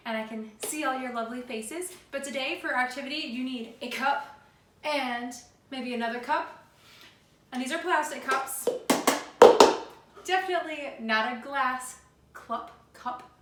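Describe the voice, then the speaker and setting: A woman's voice: sits high, moderate pace. A woman teaching a remote music lesson to elementary children, speaking in an upbeat, encouraging way and chanting rhythms aloud. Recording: roomy, distant, noisy home video.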